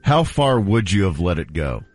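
A man trades teasing jabs on a radio show, his pitch moving a lot. Light music plays under the talk. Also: big pitch swings, normal speed, no room sound. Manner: wry, teasing. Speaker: radio co-host. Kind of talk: casual radio banter.

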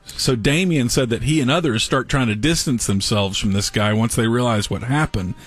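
Laughing, animated man telling a story. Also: mid-range voice, moderate pace, no echo. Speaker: podcast co-host. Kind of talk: casual chat, reading a news story aloud.

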